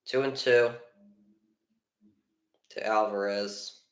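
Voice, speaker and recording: A man giving live fan play-by-play of a baseball game, frustrated and alternating between low muttering and excited pitch calls. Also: very slow, reverberant. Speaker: fan commentator.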